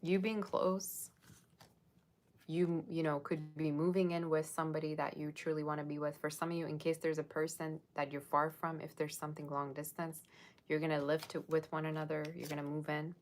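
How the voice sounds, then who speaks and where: A woman's voice: low voice, flat delivery, moderate pace, a little hiss or hum. A woman giving a casual, rambling livestream tarot reading, chatting with viewers and thanking them by name. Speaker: tarot reader.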